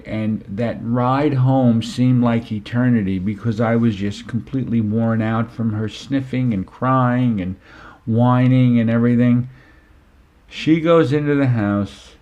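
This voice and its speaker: A middle-aged man telling a family story as a parenting speaker, conversational and unhurried, often saying "you know". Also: mid-range voice, a little mellow, dull audio. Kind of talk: storytelling talk.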